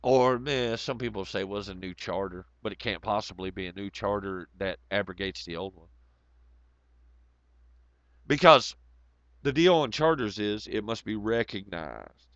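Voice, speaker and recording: Low gravelly guy on a stream reading chat, cusses a lot, rambly, muffled dry lo-fi sound. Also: lively intonation, normal speed, a bit bright, no echo. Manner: profane, rambling, sarcastic. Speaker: livestream host reading chat. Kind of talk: casual livestream chat. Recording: dull lo-fi audio.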